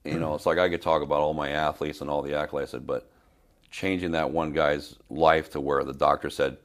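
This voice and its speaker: Older male trainer from Spain, very deep and gravelly, halting storyteller. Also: little pitch movement. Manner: retells scenes with halting restarts and repeated words. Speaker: fitness trainer, podcast guest. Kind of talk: storytelling in an interview.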